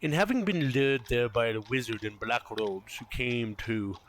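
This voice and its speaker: A man running a tabletop game as game master, narrating scenes in an animated, descriptive way. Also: medium pitch, moderate pace, a little hiss or hum. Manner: descriptive, animated, laughs easily.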